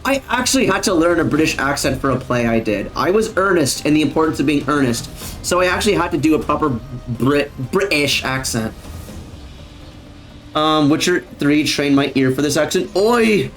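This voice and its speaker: A man's voice: a little high, animated, moderate pace, fairly bright tone, soft background music. A young man casually chatting on a live stream, rambling and swearing often, with lots of fillers.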